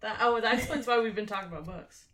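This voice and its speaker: A woman's voice: fairly high pitch, quick pace, a bit bright. A woman co-hosting a podcast in casual chat, joking and laughing often. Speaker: podcast co-host.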